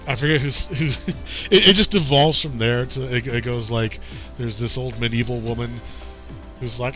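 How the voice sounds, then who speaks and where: A man's voice: fairly low pitch, fairly even intonation, moderate pace, sharp tone, soft background music. A man streaming a game, chatting casually and muttering to himself as he plays. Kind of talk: casual gameplay commentary.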